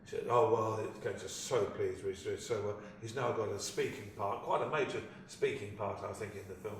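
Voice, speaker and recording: A man's voice: on the low side, moderate pace. Older man spinning a yarn, roomy echo. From London, England. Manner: lively raconteur, acts out the people he quotes. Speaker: actor recalling a film shoot. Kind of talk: anecdotal storytelling. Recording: echoey room, distant mic, faint ambience.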